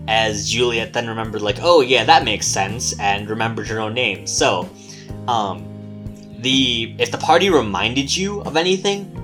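A man who runs the game casually recounting a tabletop session, rambling with lots of fillers and the odd swear word. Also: medium pitch. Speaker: game master.

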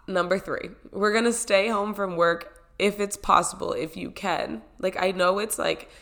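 A woman's voice: medium pitch, steady tone, moderate pace, vocal fry, a bit bright. A young woman in her twenties with a cold, chatting casually to camera about getting well, full of fillers and laughter. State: sick with a cold. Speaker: wellness vlogger. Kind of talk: casual chat.

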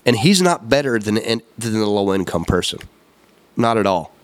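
A man's voice: fairly low pitch, big pitch swings, moderate pace, no room sound. A man hosting a solo podcast, ranting in an emphatic, rambling way, repeating words and correcting himself. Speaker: podcast host. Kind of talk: solo opinion podcast rant.

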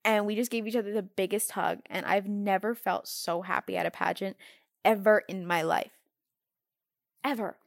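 A teenage girl hosts her own podcast in a casual, bubbly, upbeat manner, her voice sitting in a middle pitch. The recording is dry and close, with no room echo. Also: fairly even intonation, moderate pace, vocal fry. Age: teens. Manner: bubbly, upbeat, acts out quoted chats in a higher voice. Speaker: podcast host. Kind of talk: casual solo podcast talk.

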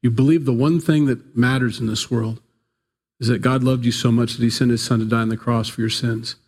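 A man's voice: medium pitch, fairly even intonation, fairly quick, a little mellow, a little hiss or hum. A man preaching a sermon in a casual, conversational way, telling the story with playful asides. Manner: casual storytelling, acts out biblical characters in playful voices. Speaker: pastor.

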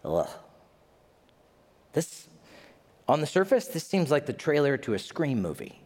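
A male pastor preaching a sermon in a conversational, animated way with casual asides. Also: fairly high pitch, unhurried. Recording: echoey hall reverb.

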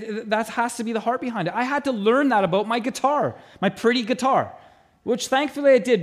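A middle-aged man preaching a sermon as pastor, telling stories with animated delivery and acting out voices. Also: high voice. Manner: animated storytelling, mimics voices in anecdotes. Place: church auditorium.

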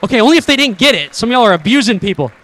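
A man's voice: very high voice, very animated, very fast, a bit bright, some chatter behind. A young man preaching a sermon, telling a story with humor and dramatic flair. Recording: echoey church hall.

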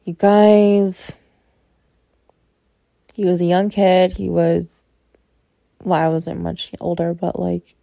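Candid slow-talking young woman. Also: lowish voice, little pitch movement, vocal fry, dark tone, no room sound, studio quality. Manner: chatty, candid, filler-heavy. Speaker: podcast host. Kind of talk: casual storytelling to an audience.

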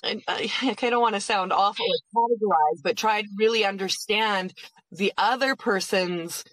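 A woman hosting an interview, affirming her guest and summing up her points in quick questions. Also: medium pitch, a bit bright, no room sound, low-quality recording. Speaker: podcast host. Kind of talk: casual interview.

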